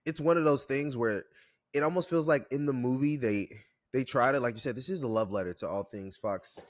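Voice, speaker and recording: A man co-hosting a casual movie review podcast, replying in a measured, agreeable way. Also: mid-range voice, no echo, studio quality. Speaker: podcast co-host.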